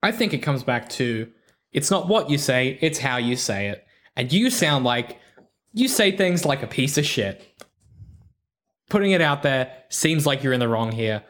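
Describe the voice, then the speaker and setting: A man's voice: mid-range voice, big pitch swings, a little slow, a bit bright. A man co-hosting a podcast, chatting casually in a rambling, jokey, self-deprecating way. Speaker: podcast co-host.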